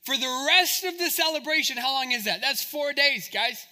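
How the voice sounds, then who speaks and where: A man's voice: very high-pitched, lively intonation, moderate pace, pushed and bright. A male pastor preaching a sermon, with humorous, conversational asides to the congregation.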